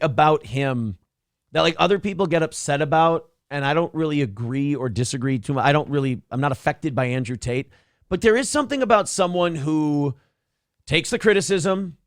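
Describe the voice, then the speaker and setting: Podcast guy ranting casually, voice jumps all over, pretty high for a dude, dry sound. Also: normal speed, dry recording. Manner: animated, swearing, acts out quotes in raised voices. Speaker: morning show host.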